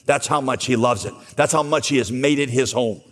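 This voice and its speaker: A man's voice: medium pitch, fairly quick, fairly bright tone. A man preaching a sermon, telling a Bible story and voicing its dialogue as he goes. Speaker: pastor. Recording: long hall reverb.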